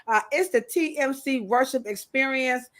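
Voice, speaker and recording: A woman hosting a casual podcast livestream, talking in a playful, animated way. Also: high voice, normal speed. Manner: animated, playful, acts out quoted voices. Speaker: podcast host.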